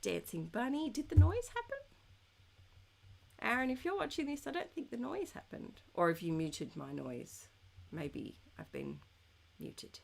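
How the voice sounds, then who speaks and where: Slow gravelly lady chatting to viewers while she crafts, giggly, lots of ums. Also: fairly high pitch, wildly swooping pitch. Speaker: scrapbooking live streamer. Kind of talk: casual chat while crafting, reading viewer comments.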